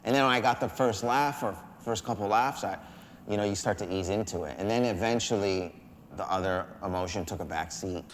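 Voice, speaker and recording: A man's voice: fairly low pitch, a little fast, a little hiss or hum. A man speaking reflectively and hesitantly in an interview. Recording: reverberant room with faint ambience.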